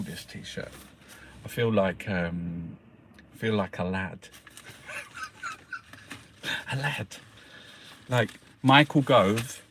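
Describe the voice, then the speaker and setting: A political vlogger with a fairly low-pitched voice rants scornfully through a newspaper review, swearing constantly in an animated way. There's a slight hiss or hum on the recording.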